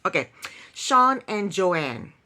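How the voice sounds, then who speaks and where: Animated, sarcastic woman recapping a show. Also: on the low side, takes it slowly. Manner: animated and sarcastic, laughs often. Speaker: TV recap youtuber. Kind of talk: casual recap commentary.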